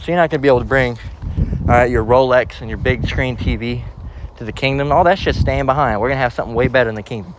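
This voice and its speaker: A man teaching from the Bible in a casual way, out of breath as he walks outdoors and slowing down to read verses aloud. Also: mid-range voice, background noise. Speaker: preacher. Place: outdoors, walking near traffic.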